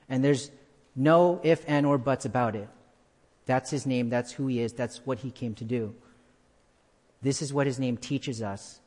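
Guy preaching a sermon in a reverby church, repeats stuff slow for emphasis. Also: mid-range voice, darkish tone. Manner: emphatic repetition of key phrases; slows down for emphasis. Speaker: pastor. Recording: long hall reverb.

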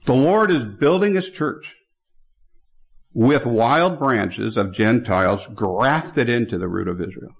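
A man's voice: mid-range voice, lively intonation, slow pace, vocal fry. A man preaching a sermon in a church, reading scripture aloud and speaking to the congregation.

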